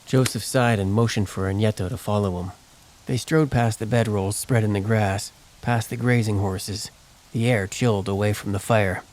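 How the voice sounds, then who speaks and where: Low-voiced male audiobook narrator. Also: low-quality recording. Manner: steady, measured storytelling. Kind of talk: scripted narration.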